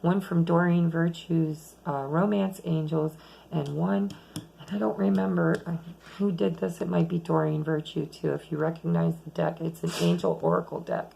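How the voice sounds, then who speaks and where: A woman giving a chatty, rambling tarot reading at home late at night, losing her voice and talking softly at times. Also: on the low side, fairly even intonation, normal speed, gravelly, a little hiss or hum, poor audio. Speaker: tarot reader.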